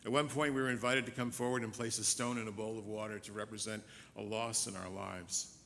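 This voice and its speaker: A male minister preaches in a church, his voice bright and forward, with a long reverb tail. He tells a story, swinging from hushed, drawn-out lines to loud, quick bursts. A faint low rumble sits under the sound. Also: steady tone, gravelly. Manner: storytelling, shifts from soft and slow to loud and fast. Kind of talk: sermon. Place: church sanctuary.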